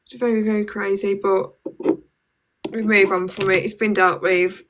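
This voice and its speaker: This young woman, from Birmingham, England, speaks with a Black Country accent in a chatty phone livestream full of "like" fillers. Her medium-pitched voice is a bit bright and level, at a normal pace, with a little hiss or hum in the audio.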